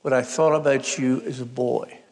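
An older man, a novelist, telling stories from his family life in a slow, wry, self-deprecating way during a live public conversation. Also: mid-range voice, fairly even intonation, a little mellow. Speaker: novelist guest. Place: live event before an audience. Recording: hall reverb from a live event.

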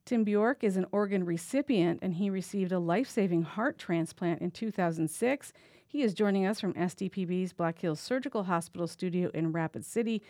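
A woman's voice: lowish voice, a little fast, mellow, no echo. Woman radio host, dry studio sound. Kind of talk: radio interview.

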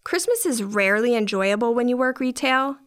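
A woman's voice: on the high side, animated, brisk. A middle-aged woman narrating a first-person story in a dry, wry way.

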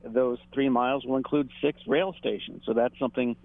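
A man, a political editor giving a relaxed analysis on the radio and chuckling often. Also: medium pitch, a little fast, creaky, dry recording. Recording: dry, tinny phone-line sound.

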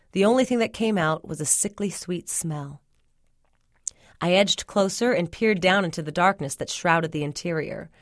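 A woman reading a first-person story aloud in a measured, suspenseful way. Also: fairly low pitch, fairly bright tone, no echo, studio quality. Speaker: story reader.

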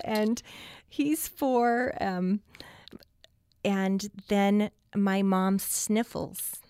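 A middle-aged woman telling a personal story as a radio guest, slow and reflective, with long pauses. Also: medium pitch, steady tone, clean tone, dry recording, clean studio sound. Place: radio studio.

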